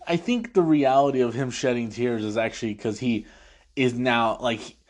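A man's voice: mid-range voice, darkish tone. Man, casual after-show recap, chatty, laughs a lot, mid-range voice, plays quotes in silly voices. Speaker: podcast host recapping an episode.

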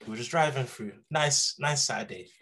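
A young man co-hosting a podcast, chatting casually and telling stories in animated slang. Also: mid-range voice, normal speed. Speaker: podcast co-host. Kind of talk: casual chat.

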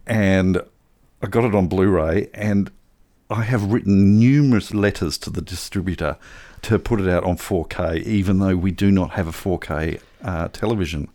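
A man's voice: deep voice, mellow. A middle-aged man telling a long, earnest, rambling story with many fillers during a comedy panel game. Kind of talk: comedic bluffing game chat.

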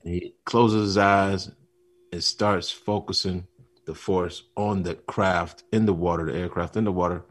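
A man co-hosting a casual talk show, telling a story with animated retellings and acted-out lines. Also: sits low, unhurried. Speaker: podcast co-host. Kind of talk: casual chat.

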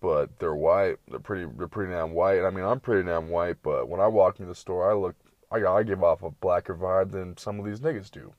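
A young man with a deep, low voice tells a loose, profanity-laced story and drifts from tangent to tangent. His delivery is slangy and casual, like a late-night ramble. The recording is dry and close. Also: brisk, no echo, highs cut off.

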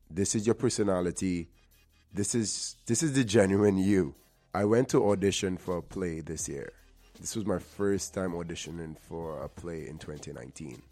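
An actor and show host from Trinidad and Tobago, based in the LA area, delivers an earnest motivational monologue on his show in a low-pitched, slightly mellow voice. He tells personal stories and occasionally repeats words for emphasis.

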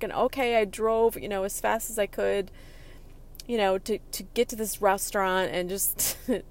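Animated middle-aged woman telling a story. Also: mid-range voice. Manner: animated, with many fillers and restarts. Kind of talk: personal anecdote storytelling.

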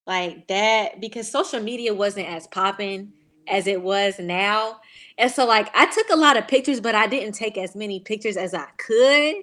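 A young woman guest on a podcast, chatting in a casual and excited way, with lots of likes and you-knows. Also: medium pitch, normal speed. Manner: chatty, excited storytelling with many fillers. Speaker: guest, former pro cheerleader.

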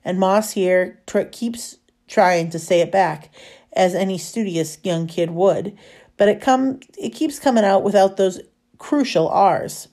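A woman's voice: mid-range voice, unhurried, mellow, lightly acted. A woman reading the lines of a playful, teasing teenage girl in an audiobook, gleeful as she tells a story. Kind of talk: audiobook character voice.

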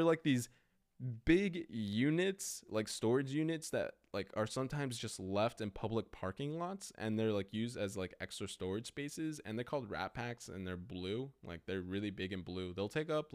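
Speaking at a moderate pace in a voice on the low side, a young man hosting a podcast wanders through an animated, casual story. "Like" pops up over and over.

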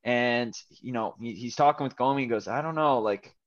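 A man co-hosting a casual podcast recaps a TV episode, rambling with lots of fillers and restarts. His medium-pitched voice moves a little fast, and the audio sounds dull.

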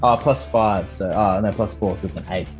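Low-voiced man calling dice rolls. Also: moderate pace, lo-fi sound, faint music behind. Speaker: player. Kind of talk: casual tabletop play.

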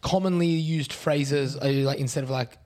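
A man's voice: mid-range voice, steady tone, normal speed, a little mellow. A young man, talking laid-back and casual on a podcast, swearing freely. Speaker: podcast co-host. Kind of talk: casual chat.

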